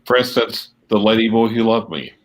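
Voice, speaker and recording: A man's voice: lowish voice, a little fast. A man co-hosting a livestream, cracking jokes and reading out viewer comments. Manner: wisecracking, reading out jokey comments. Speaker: livestream co-host. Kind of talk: casual livestream banter.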